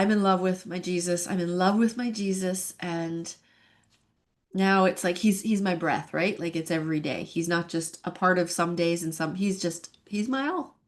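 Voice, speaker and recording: A woman in her fifties, a podcast guest, telling her personal faith story in an earnest, emotional way. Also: fairly low pitch. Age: 50s. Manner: earnest and emotional, sighing and laughing at herself.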